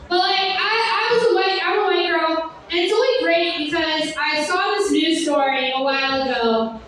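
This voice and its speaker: Young woman doing standup, super high voice, sardonic rambly bits, caught from far off in a big echoey club. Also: normal speed, a bit bright, slight background noise. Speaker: stand-up comedian. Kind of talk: stand-up comedy set. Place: comedy club stage.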